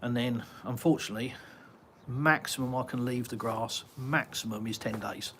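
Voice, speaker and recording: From his garden, a British Englishman hosts a casual live-stream Q&A, reading viewer comments aloud and answering chat in a rambling, chatty way with many ums and uhs. His mid-range voice is a bit bright at a moderate pace, with slight background noise.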